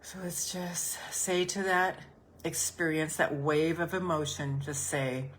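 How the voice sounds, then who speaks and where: A woman podcast host and business coach leading listeners through a gentle healing exercise, soothing and repetitive. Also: low voice, steady tone, takes it slowly, a little hiss or hum. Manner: soothing, gentle, repeats phrases softly.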